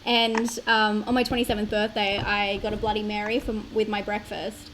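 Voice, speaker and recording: A woman's voice: medium pitch, level tone, moderate pace, fairly bright tone, slight background noise, low-quality recording. A woman in her late twenties with an Australian accent, chatting casually on a live stream, laughing often and filling with "like". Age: 20s. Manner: chatty, laughs often, many likes and fillers.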